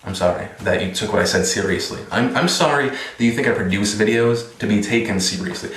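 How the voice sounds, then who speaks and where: A man's voice: lowish voice, fairly quick, fairly bright tone. Sarcastic young man in an echoey room. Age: 20s. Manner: mock-apologetic, sarcastic. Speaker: vlogger. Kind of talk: sarcastic casual vlog.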